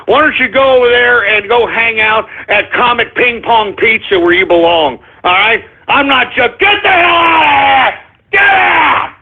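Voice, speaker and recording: A man hosting a political talk radio show, ranting combatively and breaking into shouted bursts. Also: sits high. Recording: phone-like narrow band.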